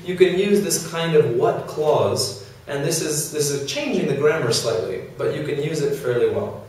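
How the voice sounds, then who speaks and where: A man's voice: fairly high pitch, expressive, normal speed, darkish tone. A man teaching an English grammar lesson to a class, explaining with many examples and fillers. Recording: echoey classroom from far off.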